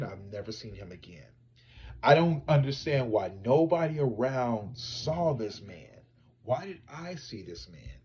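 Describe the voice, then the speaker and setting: A man who is a psychic tarot reader, telling a story to his livestream viewers in a casual, animated way, swinging from hushed to loud. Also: mid-range voice, slight background noise, poor audio.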